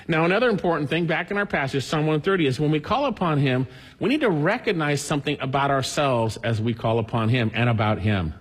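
Husky high-voiced man preaching. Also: quick pace, long reverb tail. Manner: earnest preaching, reads scripture aloud with emphasis. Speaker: pastor. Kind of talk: sermon.

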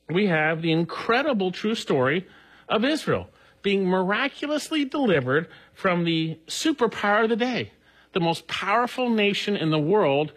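A man's voice: high voice, a bit bright, slightly rough, low-quality recording. A male pastor preaching a sermon, earnest, with emphasis that rises and falls.

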